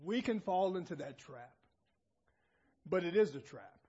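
A man's voice: high voice, lively intonation, a little slow, mellow, breathy edge, muffled recording. A man preaching a sermon, emphatic and calling out questions to the congregation in a church assembly.

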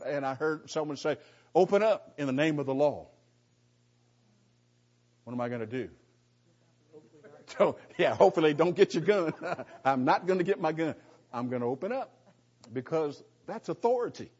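A man's voice: a little high, lively intonation, normal speed, a little mellow, breathy edge. Emphatic middle-aged man teaching Bible, lo-fi. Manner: emphatic, repeats phrases, asks rhetorical questions; restarts sentences, folksy asides. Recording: dull lo-fi recording.

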